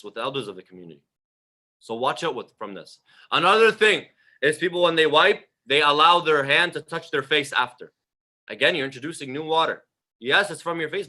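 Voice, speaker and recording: Bright-voiced emphatic male preacher. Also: fairly high pitch, lively intonation, brisk. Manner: emphatic, repeats phrases, conversational. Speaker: religious teacher. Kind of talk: informal sermon on prayer.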